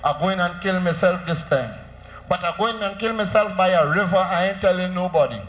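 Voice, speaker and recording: A male comedian with a Trinidadian accent delivers a comic monologue, telling stories animatedly with funny sound effects. His voice is high and brisk.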